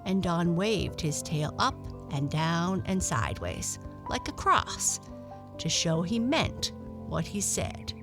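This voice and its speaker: A woman reading a children's bedtime story in a gentle, expressive storytelling voice. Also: on the low side, slow pace, over music.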